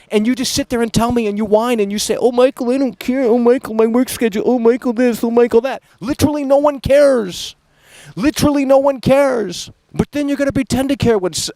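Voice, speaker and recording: A male gaming commentator rants in a video vlog about games, scolding his viewers in a preachy, repetitive way. His voice sits high, with no echo, and the audio quality is poor.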